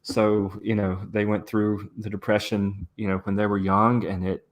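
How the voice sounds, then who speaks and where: A man on a livestream panel, telling unhurried stories and savoring old dialect words. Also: lowish voice. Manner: storytelling, relaxed, relishes folksy dialect words. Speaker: game writer on a livestream panel. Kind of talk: casual livestream chat.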